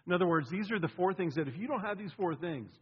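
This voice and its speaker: Husky-voiced pastor in a reverberant hall. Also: male voice, sits high, lively intonation, fast. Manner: conversational, with asides to the congregation. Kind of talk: sermon. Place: church sanctuary. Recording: lo-fi recording with long hall reverb.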